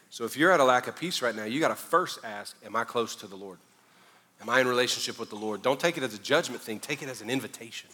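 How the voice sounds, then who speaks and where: A man's voice: mid-range voice, sharp tone, long reverb tail. A male pastor preaching a sermon, mixing conversational asides and self-deprecating humor with mounting fervor.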